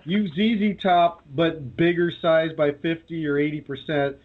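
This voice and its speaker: A man's voice: a little high, fairly even intonation, measured pace. A male guest on a radio show, chatting casually and laughing as he tells his side of a story. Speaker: guest, beverage company founder. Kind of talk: casual interview chat. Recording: tinny phone line.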